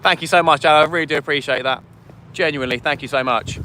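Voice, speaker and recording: A man's voice: fairly high pitch, quick pace, pushed and bright, slight background noise. A man, hosting a fishing livestream and chatting casually with viewers, eager and thankful. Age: 20s. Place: outdoors by a river at night.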